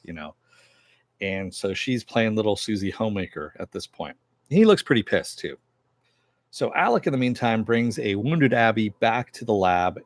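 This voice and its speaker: A man's voice: lowish voice, no room sound. A man giving a rambling, offhand recap of a TV episode, swearing casually as he retells the plot. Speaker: TV episode reviewer.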